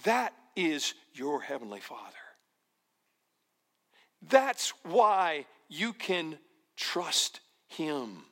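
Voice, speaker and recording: Man, pastor, sermon, slow delivery, lively swooping pitch, emphatic repetition. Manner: slow, emphatic preaching with repeated phrases, dropping to near-whispers.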